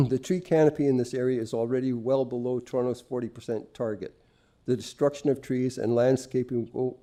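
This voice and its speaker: A man's voice: mid-range voice, warm tone. A man reading a prepared statement at a public hearing, earnest and formal. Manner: earnest, formal, reads from notes. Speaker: resident speaking at a public hearing.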